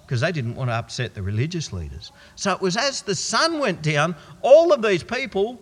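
Aussie preacher being a wide-eyed follower, husky and sing-songy, churchy echo. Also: male voice, sits high, sing-song, moderate pace, exaggerated voice. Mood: wondering. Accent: Australian. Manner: folksy, conversational storytelling. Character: plain-spoken male follower of Jesus, amazed. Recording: long church reverb.

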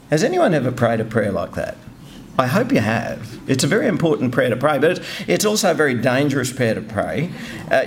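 A man's voice: medium pitch, a little hiss or hum. A middle-aged man giving an informal, self-deprecating sermon, often restarting his sentences. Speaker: lay preacher.

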